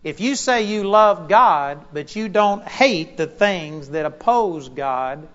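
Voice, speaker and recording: A preacher delivering a sermon to a congregation in an auditorium, swinging between loud emphatic bursts and quiet asides. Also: male voice, high-pitched, lively intonation, slow pace, long reverb tail, lo-fi sound.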